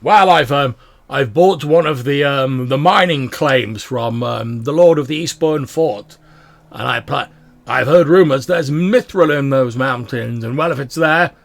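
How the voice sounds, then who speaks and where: Man putting on a bellowing gruff dwarf miner. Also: mid-range voice, unhurried, voice pushed up. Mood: hearty. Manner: loud, bellowing, hearty.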